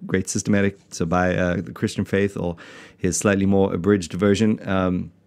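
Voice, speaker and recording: A man's voice: deep voice, level tone, moderate pace, darkish tone, clean tone. A man from South Africa hosting a casual podcast, rambling and self-mocking with lots of fillers and restarts. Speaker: podcast host, pastor.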